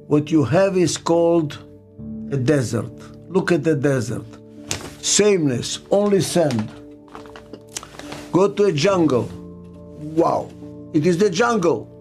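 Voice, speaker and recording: Slow, emphatic older man speaking. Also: on the high side, expressive, a little mellow, soft background music. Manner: slow, emphatic, repeats key phrases. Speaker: motivational speaker and author. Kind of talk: motivational talk.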